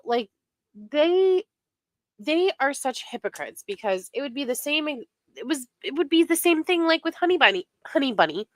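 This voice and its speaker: A woman streaming from home who talks slowly and with scorn, her voice a little high. She stays sarcastic and indignant, and at times she mimics the people she criticizes. The sound is close and dry, with no room echo. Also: fairly bright tone. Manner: indignant, sarcastic, mocking imitations. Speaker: streamer reacting to online drama. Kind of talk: casual livestream commentary.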